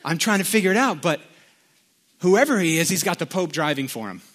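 A man voicing a baffled police officer phoning his chief in a flustered, hurried way. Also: high voice, lively intonation, background noise.

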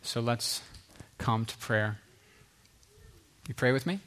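A middle-aged male pastor preaching with emphatic repetition, sometimes dropping to a quiet hush. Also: medium pitch, slow pace. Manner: earnest, emphatic, repeats phrases, drops to a quiet hush. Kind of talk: sermon.

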